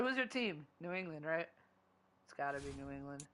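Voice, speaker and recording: A man's voice: fairly high pitch, lively intonation, a little fast, bright, forceful tone, slight background noise. A man chatting casually while streaming a video game, rambling loosely and swearing constantly. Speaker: gaming streamer. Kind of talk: casual chat while gaming.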